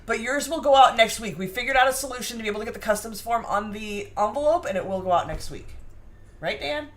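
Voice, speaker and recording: A woman's voice: on the high side, lively intonation, quick pace. A woman co-hosting a baking live stream, chatting casually and reading viewer comments aloud with lots of restarts.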